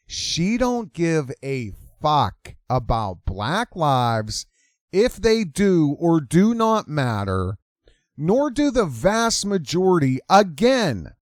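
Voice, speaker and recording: A man's voice: mid-range voice, no echo, studio quality. A man hosting a commentary show, ranting in a sarcastic, profane, mocking way.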